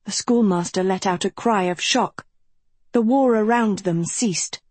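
A woman narrating a dark fantasy story in measured, dramatic storytelling. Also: medium pitch, no echo. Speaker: audiobook narrator. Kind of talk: scripted narration.

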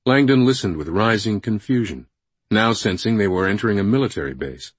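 A man narrating a thriller audiobook in a measured, suspenseful way on a close studio microphone. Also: fairly low pitch, expressive, husky, dry recording.

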